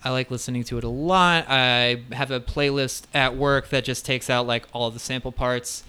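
Bright, clear-voiced man chatting. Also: medium pitch, fairly even intonation, normal speed. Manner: enthusiastic, profane, storytelling. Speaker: podcast co-host. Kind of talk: casual chat about music records.

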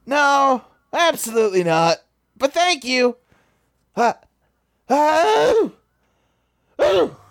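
A shy alien troll boy, read aloud by a performer, stumbles through earnest, awkwardly phrased thoughts. He speaks slowly, with a pitch that rises and falls a lot. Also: big pitch swings, vocal fry, exaggerated voice. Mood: bashful. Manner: halting, rambling, awkward phrasing. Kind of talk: reading a webcomic aloud.

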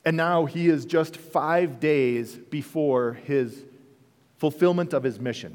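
Animated male pastor in a reverberant hall. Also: fairly high pitch. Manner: animated storytelling, acting out bits of dialogue. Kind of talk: sermon. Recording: echoey hall with long reverb.

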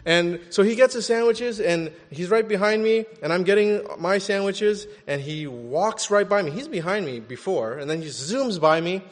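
Lively, chatty man preaching in echoing hall. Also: high-pitched, normal speed, hardly any pauses. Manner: animated and conversational, often asking "right?". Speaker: pastor. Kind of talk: sermon.

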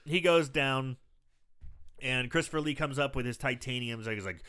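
A man casually recapping a film on a podcast, acting out scenes with quick impressions, swearing and laughing as he goes. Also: mid-range voice, clear, resonant tone. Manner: animated storyteller, acts out scenes, swears, laughs often. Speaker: podcast co-host. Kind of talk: casual movie recap chat.

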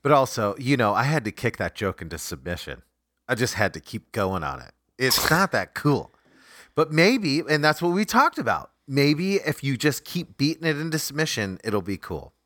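A man co-hosting a comedy podcast, talking in excitable, profane casual chat. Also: medium pitch, moderate pace, dry recording, studio quality. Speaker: podcast co-host.

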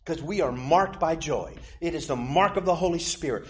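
Pastor, male, American, slightly high voice, preaching with big swings from hush to shout. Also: moderate pace. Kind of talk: sermon. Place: church sanctuary.

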